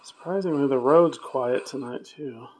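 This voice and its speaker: A man on a solo ghost-hunting vlog in a dark hotel room at night, talking in a hushed voice and calling out to spirits. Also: medium pitch, unhurried. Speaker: paranormal investigator.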